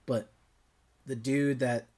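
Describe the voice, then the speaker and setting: A man co-hosting a casual film podcast, speaking at an average pitch for a man. He rambles a little, drifting between personal asides and the plot, and fills gaps with easy verbal fillers. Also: steady tone, takes it slowly, darkish tone. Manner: chatty, loose, trails off with fillers. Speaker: podcast co-host. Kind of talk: casual movie review chat.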